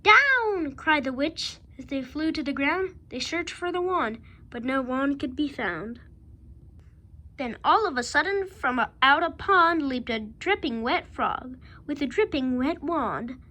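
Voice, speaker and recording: A woman reading a rhyming picture book aloud with a steady rhythm. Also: high-pitched, unhurried. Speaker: reader.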